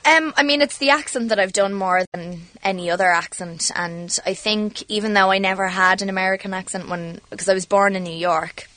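A woman's voice: mid-range voice, brisk, few pauses, a bit bright, no room sound. A woman with an Irish accent, an actress guest, chatting casually and giggling in a radio interview. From Ireland.

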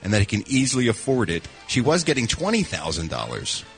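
A man's voice: mid-range voice, huge pitch swings, brisk, a bit bright, faint music behind. A man reporting showbiz news on a radio show, telling his stories in a joking way and laughing through them. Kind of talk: casual radio banter.

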